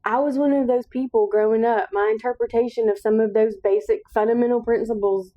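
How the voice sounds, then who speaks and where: A woman's voice: on the high side, steady tone, a little fast, phone-quality sound. A woman hosting a solo podcast, speaking in an earnest, encouraging monologue with emphatic repetition. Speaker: podcast host.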